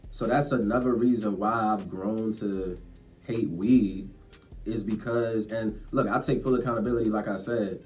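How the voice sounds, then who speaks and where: A young man ranting casually and earnestly to camera, rambling and swearing as he reflects on himself. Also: fairly low pitch. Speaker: vlogger. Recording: distant mic, faint music behind.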